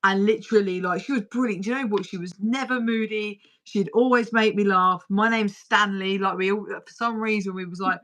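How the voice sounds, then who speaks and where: A woman's voice: medium pitch, steady tone, brisk, hardly any pauses, a bit bright. Chatty woman hosting a livestream. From United Kingdom. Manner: chatty, blunt, swears freely. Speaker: livestream host. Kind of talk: casual chat.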